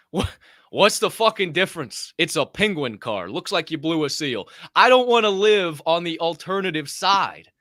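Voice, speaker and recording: A man co-hosting a podcast, telling stories in a brash, profane, animated way in a casual motivational chat. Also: fairly high pitch, normal speed, dry recording, studio quality. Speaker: podcast co-host.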